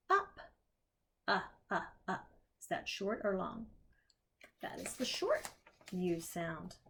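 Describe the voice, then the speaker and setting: Woman teacher doing phonics for little kids, slow and careful, kinda gravelly. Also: medium pitch, a little hiss or hum. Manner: slow, sounding out letters, reading aloud. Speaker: preschool teacher. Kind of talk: children's phonics lesson.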